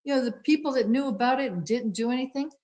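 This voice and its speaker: A woman's voice: high voice, fast, a little mellow. A woman co-hosting a talk show, earnest and explanatory, who calls people honey. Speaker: co-host. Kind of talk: casual talk show commentary.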